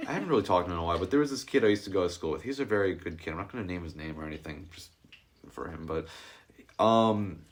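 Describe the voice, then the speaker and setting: A man's voice: low voice, rapid-fire. A young man hosting an unedited podcast, telling long rambling stories in casual chat full of filler words. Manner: rambling, animated storytelling with a lot of filler. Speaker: podcast host.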